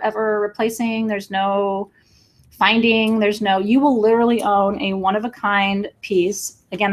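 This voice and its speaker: A woman hosting a live crystal sale online, talking excitedly to viewers in an emotional, gushing way and laughing often. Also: a little high. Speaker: livestream crystal seller. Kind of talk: live sales stream, chatting with viewers.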